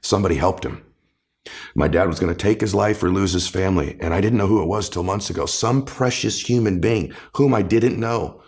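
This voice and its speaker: A man's voice: sits low, a little fast, darkish tone. A man speaking as a guest author in an interview, giving impassioned motivational talk that builds with repeated, rising phrases.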